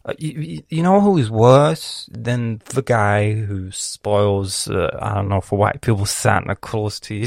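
A man from Lebanon delivering a profane comedic rant, swearing constantly and swinging from loud outbursts to hissed whispers. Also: on the low side, measured pace, vocal fry, no room sound, clean studio sound.

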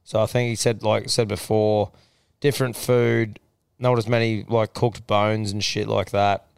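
Gravelly laid-back man. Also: lowish voice, little pitch movement, moderate pace, no room sound, studio quality. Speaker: podcast co-host. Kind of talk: casual chat.

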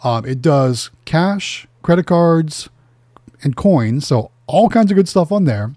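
A man's voice: a little high, lively intonation, takes it slowly, warm tone, no echo, studio quality. Upbeat man announcing a giveaway. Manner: upbeat promotional, with throat-clearing and fillers. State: voice problems. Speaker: co-host.

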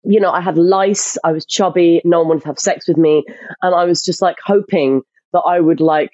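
An actress chatting as a guest in an interview, telling lively stories with lots of restarts. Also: female voice, fairly low pitch, normal speed, dry recording, dull audio. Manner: animated storyteller, frequent restarts. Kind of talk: casual interview chat.

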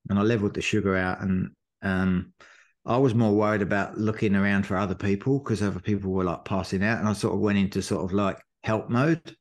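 A man on a podcast, chatting casually and telling an animated race story full of acted-out quotes. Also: fairly low pitch, fairly quick. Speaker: podcast co-host, marathon runner. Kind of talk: casual chat recounting a race.

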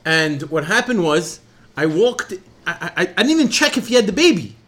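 A man with a fairly high voice hosts a casual podcast chat. He tells his story with animation and acts out both sides of the conversation. His delivery is loose and conversational. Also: very animated, normal speed, a bit bright. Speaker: podcast co-host.

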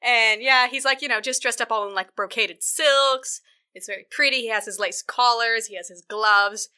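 Woman chatting, bright higher voice, keeps slipping into goofy character voices. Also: moderate pace, smooth. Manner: animated storytelling, acting out characters in silly voices. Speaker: podcast co-host recapping a film. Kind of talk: casual chat.

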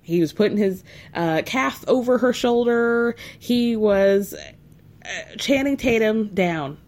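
A woman's voice: mid-range voice, expressive, slow pace, a little mellow. Snarky chatty woman recapping TV. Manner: chatty and snarky, with many fillers and asides. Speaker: podcast host recapping a reality show. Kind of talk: casual chat.

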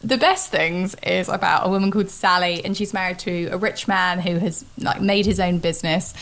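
A woman's voice: lowish voice, moderate pace, fairly bright tone. A young woman co-hosting a podcast, chatting casually with jokey asides. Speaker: podcast co-host. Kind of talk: casual chat.

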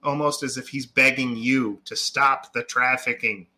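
A man's voice: mid-range voice, fairly even intonation, measured pace, bright, forceful tone. Rambling man chatting about movies. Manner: rambling, full of "like" and "um". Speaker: podcast co-host. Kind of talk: casual movie chat.

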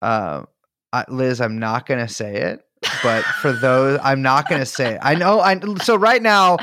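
A man's voice: mid-range voice, a little slow, noisy background. A man co-hosting a podcast in a loose, joking chat, riffing on bits and teasing his co-host. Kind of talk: casual chat.

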